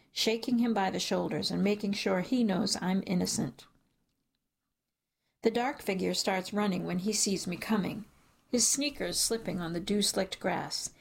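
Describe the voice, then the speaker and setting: A woman reading a first-person story aloud as an audiobook narrator, in a measured storytelling manner. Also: mid-range voice, creaky, slight background noise.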